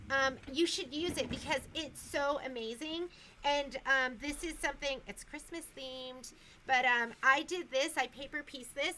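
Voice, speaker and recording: Woman, shop host, casual chatty delivery, bright and slightly high voice, faint room noise behind. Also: poor audio. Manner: chatty, enthusiastic about quilting features.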